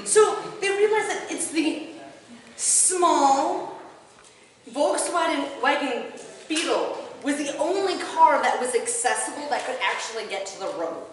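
High-voiced woman telling a tale in a hall. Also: a bit bright. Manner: laughs through her own story; acts out characters' lines in bursts. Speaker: bard at a gathering. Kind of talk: live comic storytelling. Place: large hall at a live event. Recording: echoey hall from far off with audience. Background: audience murmur and laughter.

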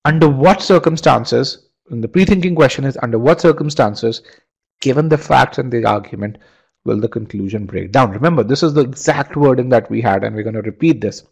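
A man's voice: mid-range voice, brisk, vocal fry, a little mellow, husky, poor audio. A man teaching a live online test-prep webinar, asking the class questions and restarting phrases with repeated words.

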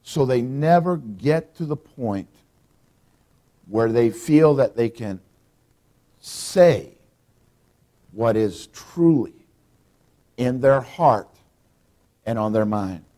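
Lively-voiced man preaching. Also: medium pitch, extremely slow, pauses often. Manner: folksy preaching, acts out quotes. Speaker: pastor. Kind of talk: sermon.

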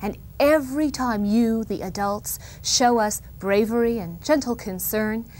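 A woman's voice: fairly high pitch, unhurried, darkish tone. A woman hosting a show, delivering a playful comic monologue that speaks for children to their parents, with sarcastic quips and asides. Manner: quips with asides and short laughs. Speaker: TV show host. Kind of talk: comic monologue spoken to the camera.

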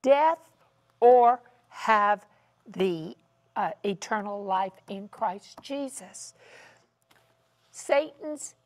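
A woman's voice: mid-range voice, very slow, pauses often. A woman teaching in a televised Bible study discussion, with emphatic, dramatic preaching delivery. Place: television studio set.

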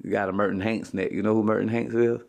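A man's voice: on the low side, level tone, fast talker, vocal fry. A man, a father hosting a casual family vlog at home, ribbing his kids with profane jokes and frequent laughs. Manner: teasing, profane, joking banter.

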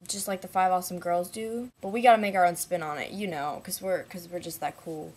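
A woman talks straight to the camera in a casual vlog, her voice sitting at an ordinary middle pitch. She is chatty and pokes fun at herself, dropping into quiet muttered asides and then bursting up with excitement. A faint hiss of noise lies under the voice. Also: quick pace, few pauses. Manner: chatty and self-mocking, jumps between hushed asides and excited bursts. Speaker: vlogger in a shared channel.

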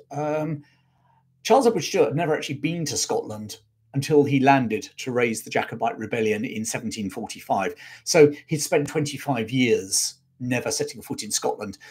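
Husky man hosting a live chat. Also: mid-range voice, darkish tone. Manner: chatty and enthusiastic, many asides and restarts. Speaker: history channel host. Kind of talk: live-stream chat, answering viewer questions.

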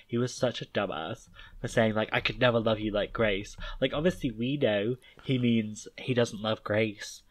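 A man's voice: fairly low pitch, moderate pace. A man co-hosting a podcast, chatting casually about a book, rambling with lots of fillers and casual swearing. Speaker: podcast co-host.

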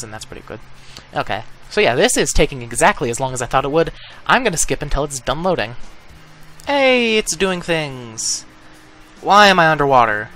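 A man's voice: medium pitch, a bit bright, a little hiss or hum. A young man casually commenting while setting up a modded game, rambling with lots of ums and little chuckles, close to a desk mic. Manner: chuckling, easygoing. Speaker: let's play host. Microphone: desk microphone, breathes into it.

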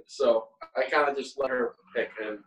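A man's voice: mid-range voice, steady tone, normal speed. A man co-hosting a casual podcast, easygoing, chuckling and restarting his sentences. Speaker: podcast co-host. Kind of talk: casual chat. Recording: roomy audio from far off the mic.

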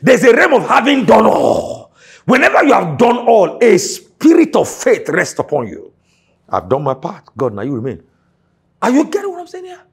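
A pastor preaching a sermon, dropping to low murmurs and then rising to shouted exhortation. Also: male voice, wildly swooping pitch, normal speed, gravelly, slightly rough.

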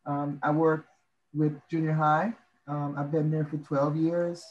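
A woman's voice: deep voice, level tone, measured pace, a little mellow, highs cut off. A woman in her sixties from Maryland, a teacher, chatting casually and self-deprecatingly on a video call. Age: 60s. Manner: self-deprecating, laughing easily. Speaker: teacher and guest.

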